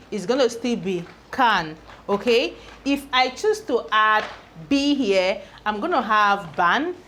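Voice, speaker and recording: A woman's voice: medium pitch, bright, forceful tone, slight background noise. A woman teaching an English spelling lesson, repeating each word and checking in with "okay?". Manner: repeats each word several times, ends points with "okay?".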